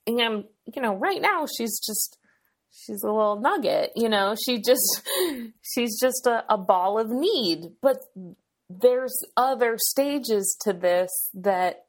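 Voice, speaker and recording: A woman in her thirties, a guest on a podcast, talking in a halting, reflective way with many fillers. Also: on the high side, animated. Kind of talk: casual conversation.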